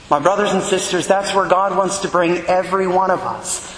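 Priest guy giving a homily, kinda high voice, big echoey church, long reverb, keeps saying right?. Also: moderate pace, hardly any pauses, fairly bright tone. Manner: earnest, conversational preaching with frequent "right?".

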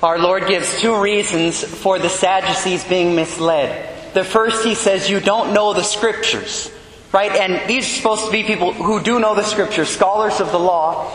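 A man's voice: high voice, normal speed, fairly bright tone, roomy sound, big-room sound, a little hiss or hum, poor audio. A man giving a homily as a priest, earnest and conversational, often checking in with "right?".

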